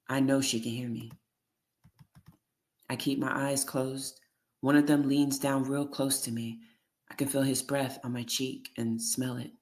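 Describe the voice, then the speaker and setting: Audiobook reader, memoir reading, steady, measured, flat monotone. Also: medium pitch. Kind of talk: first-person memoir reading.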